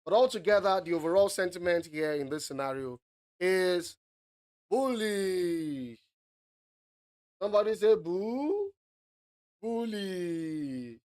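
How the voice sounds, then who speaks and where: A man's voice: high-pitched, lively intonation, moderate pace, darkish tone. A man from Africa giving live forex market analysis on a stream, teasing his viewers and checking in often. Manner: playful and teasing, peppers speech with "all right".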